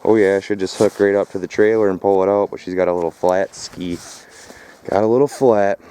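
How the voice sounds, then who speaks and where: A man from Michigan filming his own scrap-hauling vlog outdoors in the country, talking in a rough, casual way and swearing easily. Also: sits low, steady tone, a little fast, dark tone. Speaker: vlogger scrapping metal.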